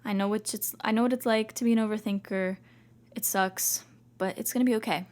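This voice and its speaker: A woman's voice: on the high side, fairly even intonation, brisk, darkish tone. A young woman hosting a podcast, talking casually and reassuringly, as if talking to herself, with lots of "like"s. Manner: chatty, reassuring, self-talking with many "like"s. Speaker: podcast host. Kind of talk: casual self-help talk.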